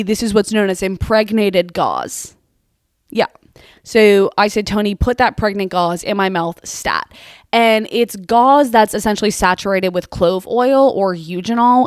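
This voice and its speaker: A woman's voice: mid-range voice, a little mellow, no echo, clean studio sound. A young woman hosting a podcast, telling a casual story in a chatty, self-mocking way, filling her talk with lots of "like". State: sore mouth after dental surgery. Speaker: podcast host.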